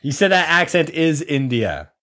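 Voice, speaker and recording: Young male co-host, deadpan and crude, animated pitch. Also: normal speed. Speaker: podcast co-host. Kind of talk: casual chat.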